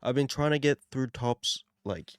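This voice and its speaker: A young Australian man with a relaxed, rambling manner, talking casually while opening trading cards. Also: mid-range voice, moderate pace, smooth, no echo, studio quality. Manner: relaxed, rambling, self-deprecating. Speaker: card-opening channel host. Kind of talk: casual card-opening commentary.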